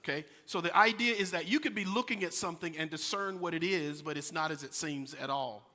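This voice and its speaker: A male pastor preaching a sermon, with animated stories and asides to the congregation. His voice is bright and a bit high. It rings out in a church sanctuary with long reverb. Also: fairly quick. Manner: storytelling, animated, addresses congregation.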